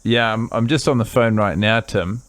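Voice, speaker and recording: A man co-hosting a comedy podcast, rambling in a dry, deadpan way. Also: lowish voice, moderate pace. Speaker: podcast co-host.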